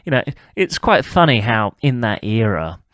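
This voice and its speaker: A man's voice: medium pitch, sing-song, normal speed, fairly bright tone, no room sound, clean studio sound. A man hosting a podcast, casually chatting about a TV episode and tacking on tag questions. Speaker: podcast host.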